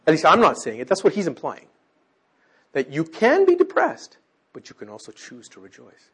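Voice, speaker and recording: A husky-voiced man preaching to a congregation, his voice a little higher than most men's. He talks with lively, animated pitch and swings from loud exclamations down to near-whispers. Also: normal speed. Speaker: teacher. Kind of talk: sermon.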